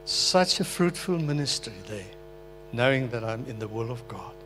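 A man's voice: mid-range voice, lively intonation, normal speed, a bit bright, soft background music. An older man from Africa, an earnest, emotional pastor sharing his personal testimony in a sermon. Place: meeting hall.

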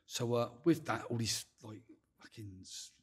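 A man's voice: medium pitch, measured pace. A man with a Bristol accent, a podcast guest telling stories in casual, heavily sworn talk, acting out the dialogue. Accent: Bristol English. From England. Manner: swears heavily, acts out dialogue, laughs while telling stories. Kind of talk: casual storytelling.

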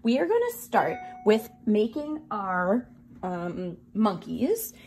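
A woman's voice: mid-range voice, slow pace, a little hiss or hum. A woman art teacher reading a picture book aloud, then starting a drawing lesson. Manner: expressive, sing-song storytelling.

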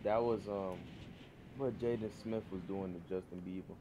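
A man's voice: fairly low pitch, steady tone, moderate pace. A young man chatting with a teammate while gaming, rambling with lots of fillers and slang. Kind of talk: casual gaming chat. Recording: clear background noise.

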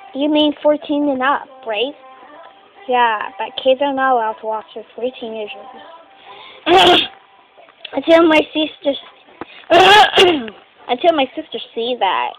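High, lively woman's voice. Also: over music, low-quality recording. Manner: halting, rambling, frequent throat clearing. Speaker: voicing teen doll characters. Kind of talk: homemade doll skit narration and dialogue.

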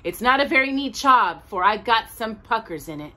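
A woman's voice: fairly high pitch, expressive, moderate pace, sharp tone, pitched above the performer's own voice. A woman doing a fussing little French doll. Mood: helpful. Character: helpful female French doll. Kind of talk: storybook read-aloud.

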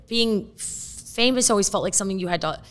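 A woman's voice: mid-range voice, a little fast, a bit bright. A woman in her fifties, a podcast guest, telling candid stories in casual chat and swearing freely.

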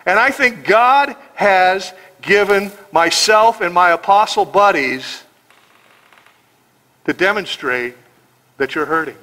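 Emphatic, sarcastic American pastor, bright voice. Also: male voice, sits high, animated, slow pace, rough recording. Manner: sarcastic, emphatic, rhetorical questions. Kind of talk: expository sermon.

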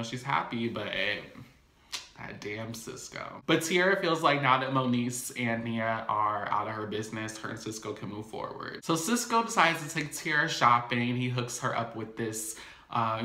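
A man's voice: mid-range voice, bright, forceful tone, roomy sound. A man recapping a TV episode in a casual, gossipy way, with playful asides to his viewers. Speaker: YouTube recap host.

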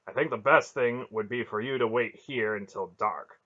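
A man reading an audiobook, voicing a blunt, hoarse male trader loudly and bluntly. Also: mid-range voice, moderate pace, muffled recording. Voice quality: hoarse, gruff.

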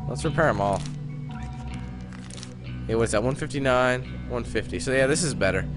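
A man talks casually over his gameplay, joking and swearing as he goes. His voice sits at a middle pitch, and game music plays clearly underneath. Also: expressive, normal speed. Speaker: gamer.

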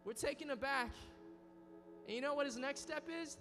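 Lively male youth preacher with a high voice; large reverberant hall. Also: brisk. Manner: dynamic, acts out inner voices. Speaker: youth conference speaker. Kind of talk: sermon. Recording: reverberant hall with soft music.

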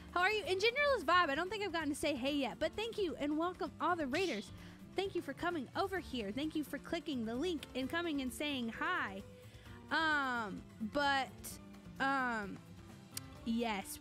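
A young woman with a high, fairly bright voice streams a game. She chats casually and greets viewers by name.

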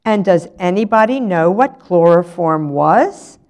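Woman reading a brisk cheerful schoolteacher. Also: fairly low pitch, lively intonation, a little mellow. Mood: explaining.

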